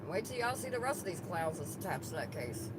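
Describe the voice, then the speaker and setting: A woman's voice: lowish voice, quick pace. A woman talking casually and bluntly to viewers while stuck in city traffic, swearing freely and addressing them directly. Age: adult. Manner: blunt, profane, animated, talks to viewers. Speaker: activist vlogger. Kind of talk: casual live-stream chat while driving. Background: traffic and road noise.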